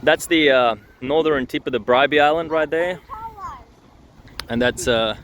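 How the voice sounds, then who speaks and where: A man, filming a relaxed travel vlog outdoors on a beach with a handheld phone, chatting and swearing mildly. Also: fairly high pitch, unhurried. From Uzbekistan. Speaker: vlogger touring with his father. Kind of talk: casual travel vlog narration. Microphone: handheld phone camera. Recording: noisy outdoor phone recording.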